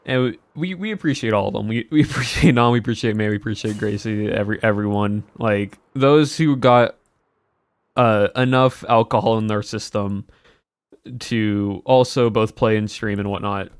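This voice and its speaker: A man's voice: lowish voice, normal speed, clear, resonant tone. A man streaming and chatting casually to his viewers, rambling with many restarts and chuckles.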